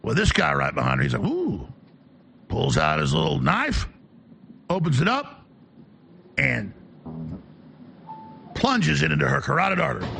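Talk show guy ranting away, super gravelly voice, high and swoopy. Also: bright, forceful tone, a little hiss or hum. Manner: emphatic, ranting, fast-talking. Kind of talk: opinionated talk radio monologue.

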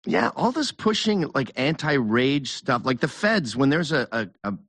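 A man's voice: medium pitch, very animated, moderate pace, a bit bright, husky, no room sound. A man hosting a casual chat, talking bluntly and emphatically, often with mockery.

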